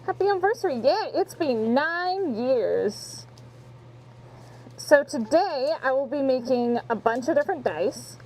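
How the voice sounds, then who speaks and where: Chatty bubbly woman streaming from her house, slightly high voice, swears a bit, faint hum behind. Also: expressive, measured pace, darkish tone, rough recording. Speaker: streamer and voice actress. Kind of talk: casual live-stream chat. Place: home, in a pouring tent and around the house. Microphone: wireless mic on a receiver.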